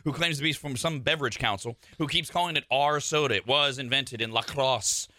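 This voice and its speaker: A man's voice: medium pitch, brisk, dry recording, clean studio sound. Wry, sarcastic radio host man. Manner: wry, sarcastic and rambling, with bursts of shouting. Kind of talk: morning radio banter. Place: radio studio. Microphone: studio microphone.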